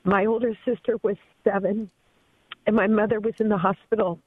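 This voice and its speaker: A woman's voice: medium pitch, fairly even intonation, normal speed, breathy edge, dry recording. A woman in her fifties phones in to a radio show and tells her story earnestly and with feeling. Her voice comes through a thin, tinny phone line with no room sound at all. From Southern California. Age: 50s. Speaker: caller. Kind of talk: call-in radio testimony.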